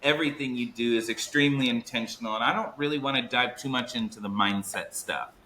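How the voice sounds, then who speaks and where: An upbeat man hosts a podcast, building excitement and leaning hard on key words. His voice is bright and forceful. The room around him rings with echo. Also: mid-range voice, a little hiss or hum. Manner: upbeat, hype-building, drawn-out emphasis. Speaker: podcast host. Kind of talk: energetic podcast chat.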